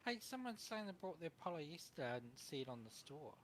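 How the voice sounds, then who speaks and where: A man's voice: on the high side, sing-song, moderate pace, very noisy. A man playing alongside the host, making brief offhand remarks. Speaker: fellow player. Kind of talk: casual gaming chat.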